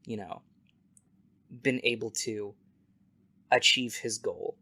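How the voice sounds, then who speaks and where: A man's voice: fairly low pitch, fairly even intonation, slow, bright, forceful tone. A man playing a tabletop role-playing game who talks casually and rambles. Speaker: player.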